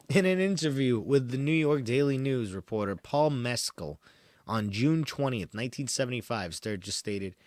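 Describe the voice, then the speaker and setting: A man's voice: medium pitch, lively intonation, normal speed, a little mellow, no room sound, studio quality. A man hosting a podcast, reading from an article and breaking off into rambling, wry asides with lots of fillers and laughs. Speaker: podcast host. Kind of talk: casual commentary while reading from an article.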